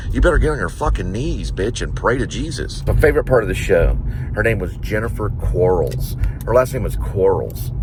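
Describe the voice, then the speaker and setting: Low-voiced ranting man driving. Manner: ranting, profane, jumps between topics. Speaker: delivery driver and vlogger. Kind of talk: rambling talk while driving. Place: inside a car. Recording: clear car road noise.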